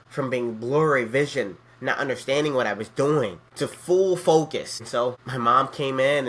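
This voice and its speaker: A young man in his twenties with a bright, forceful voice tells his faith testimony. He speaks as a youth pastor, earnest and heartfelt, at a pitch that is neither high nor low. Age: 20s.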